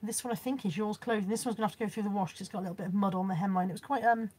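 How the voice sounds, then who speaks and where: A woman's voice: mid-range voice, steady tone, very fast, darkish tone, breathy edge. A woman chatting casually on a live stream as she shows off a car boot haul and reads out viewers' comments, laughing often.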